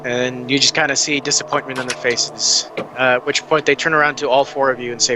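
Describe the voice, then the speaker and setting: A man's voice: mid-range voice, little pitch movement, fairly quick, noisy background. A man narrating as game master of an online tabletop game, rambling and restarting his phrases.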